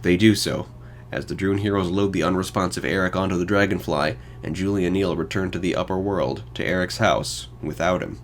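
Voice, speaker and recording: Wry, low-voiced young man reviewing films. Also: steady tone, a little fast, slight background noise. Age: 20s. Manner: sarcastic, wry asides. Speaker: podcast host. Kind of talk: casual solo commentary reviewing films and books.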